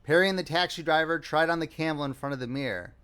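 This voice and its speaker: A man narrating a classic short story as an audiobook reader, with a wry, expressive delivery. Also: a little high, quick pace, smooth. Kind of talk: scripted narration.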